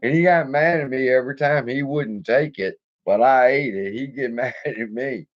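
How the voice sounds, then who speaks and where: A man's voice: medium pitch, moderate pace, highs cut off. A man hosting an investing channel, telling rambling, profane stories with frequent laughs in a casual chat. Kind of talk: casual storytelling livestream.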